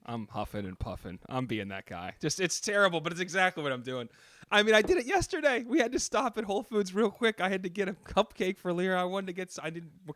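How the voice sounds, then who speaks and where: Fast-talking exasperated man. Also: a little high, a bit bright, no room sound, clean studio sound. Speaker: podcast co-host. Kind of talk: casual chat.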